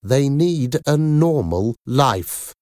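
A man reading a storybook voices a firm working mother who talks in a steady, apologetic way. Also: extremely low pitch, drawn-out words, no room sound, clean studio sound, voice pushed up, heavily acted.

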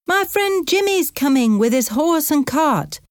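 A woman's voice: high voice, sing-song, a little slow, dry recording, clean studio sound, pitched above the performer's own voice. A woman doing a chatty Irish taxi driver. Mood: cheerful. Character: friendly middle-aged male Irish taxi driver.

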